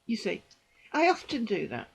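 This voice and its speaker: A woman's voice: on the high side, huge pitch swings, normal speed, gravelly, husky, poor audio. An older woman, talking earnestly into her camera and rambling with frequent restarts, sounding unwell. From United Kingdom. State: unwell and in pain. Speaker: vlogger, former psychiatric nurse. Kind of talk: personal commentary monologue.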